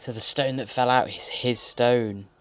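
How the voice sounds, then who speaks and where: A man's voice: medium pitch, fairly even intonation, measured pace. A man, the host, giving a rambling, jokey audio commentary while watching a TV episode.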